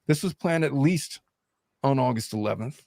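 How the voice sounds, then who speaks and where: A man in his thirties hosting a casual podcast discussion, animated, swearing freely and laughing between points. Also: medium pitch, normal speed, no room sound, clean studio sound. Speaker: host.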